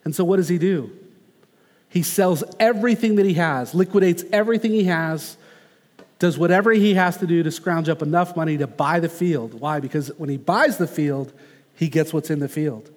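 Pastor guy preaching, high voice, slow punchy phrases, big echoey church. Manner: earnest, measured preaching with slow emphatic phrases. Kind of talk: sermon.

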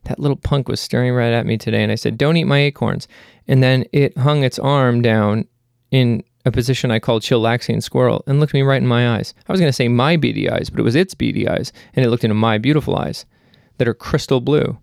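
Gravelly man in a rambling monologue. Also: mid-range voice, steady tone, fairly quick, a little mellow, dry recording, clean studio sound. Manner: rambling, self-mocking jokes mixed with earnest appeals. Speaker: host. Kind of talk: casual monologue.

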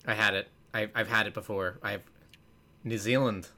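A man's voice: fairly low pitch, flat delivery, brisk, gravelly, bright, forceful tone. An American man co-hosting a podcast, rambling casually, stumbling over his words and trying out silly accents. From United States. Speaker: podcast co-host. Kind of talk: casual chat.

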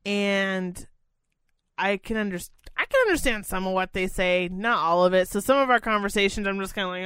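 A woman tells a meandering story on a casual podcast, dropping swear words as she goes. Her voice comes through smooth and clear. The sound is dry and close, with no room echo. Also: medium pitch, normal speed, fairly bright tone. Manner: rambling, profane storytelling. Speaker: podcast co-host. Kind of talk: casual chat.

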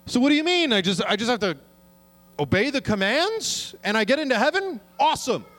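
A man's voice: very high voice, sing-song, brisk, fairly bright tone, pitched above the performer's own voice, full character voice. A man voicing a self-satisfied rich young man who is eager and pleased with himself, in a sermon retelling. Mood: eager, smug.

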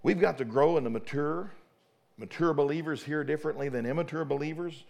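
Brief: middle-aged male pastor, fervent sermon delivery, somewhat high gravelly voice, stumbles and repeats. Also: fairly quick, a little mellow. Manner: fervent, repeats and restarts words.

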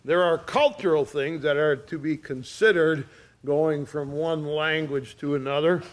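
A male pastor delivering a sermon in a warm storytelling manner, leaning on homely anecdotes to carry his point. His voice sits a little higher than most men's. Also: a little slow. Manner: folksy storytelling.

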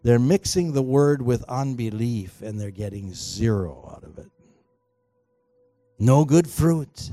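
A man preaching a sermon as pastor in a church, emphatic and swinging between quiet and loud exhortation, urging the congregation to respond. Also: mid-range voice, lively intonation, slow pace, no room sound. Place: church sanctuary.

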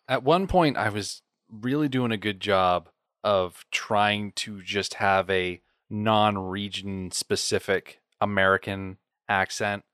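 A man's voice: fairly low pitch, steady tone, slow, fairly bright tone, clear, resonant tone, dry recording, studio quality. A man with a Boston accent hosting a podcast, chatting casually and laughing easily. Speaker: podcast host. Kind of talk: casual chat.

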